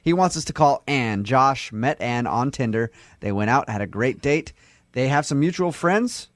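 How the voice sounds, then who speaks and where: A man's voice: mid-range voice, lively intonation, moderate pace, dry recording. A man hosting a morning radio show, chatting casually and teasing his caller with frequent laughs.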